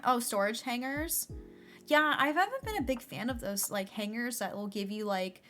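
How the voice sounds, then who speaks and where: A woman's voice: fairly high pitch, moderate pace, a bit bright, faint music behind. A young adult woman streaming a game, chatting casually and filling her speech with "like". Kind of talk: casual chat while playing a game.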